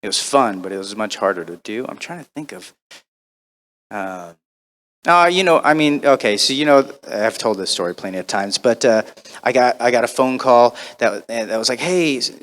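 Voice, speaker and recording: A man answering audience questions on a convention panel, chatty and animated, acting out the voices in his stories. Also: mid-range voice, moderate pace. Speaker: voice actor guest on a convention panel.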